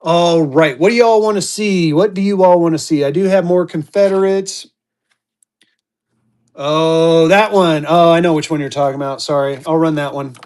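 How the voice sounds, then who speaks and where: A man whose fairly high voice is a little mellow and carries a drawl runs the calls on a live auction stream. Speaking in fast, energetic bursts, he repeats each call and urges bidders to keep going.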